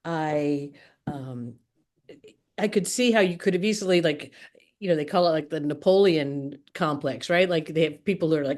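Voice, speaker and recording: Woman, podcast host, low-pitched, chatty, laughs easily. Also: moderate pace, a little mellow. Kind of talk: casual interview chat.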